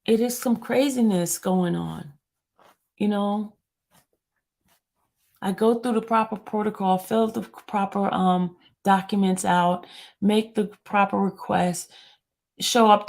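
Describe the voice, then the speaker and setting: A woman's voice: mid-range voice, vocal fry. A woman blogger on a live stream, talking to her viewers in a frustrated way and often repeating herself. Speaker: court news blogger.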